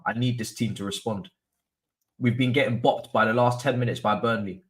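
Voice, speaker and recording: A young man hosting a live football watchalong, reacting to the match as an excitable, frustrated fan who rants and swears. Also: on the low side, a little fast.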